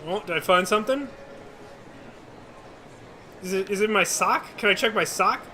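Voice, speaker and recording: A man's voice: high-pitched, normal speed, bright, forceful tone, a little hiss or hum. A man streaming a video game, joking and rambling to his viewers in casual commentary. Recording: game music playing behind.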